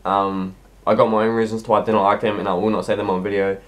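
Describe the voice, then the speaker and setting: Casting: teen boy, lowish voice, sick, halting vlog answers full of ums. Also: level tone. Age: teens. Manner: rambling, hesitant, heavy with ums and restarts. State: sick, coughing. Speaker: YouTuber answering viewer questions. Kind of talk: casual Q&A vlog.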